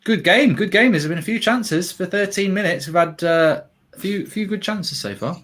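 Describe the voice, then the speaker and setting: A man's voice: high voice, moderate pace, fairly bright tone. A man hosting a casual football watchalong, talking in a rambling, chatty way and reading out viewer comments. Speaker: watchalong host.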